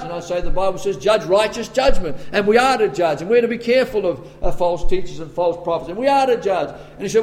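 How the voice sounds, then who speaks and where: An Australian preacher with a voice high for a man gives a sermon from the pulpit with lively intonation. He reads scripture slowly, then builds to loud, emphatic warnings in forceful bursts before easing back into a plainer teaching tone.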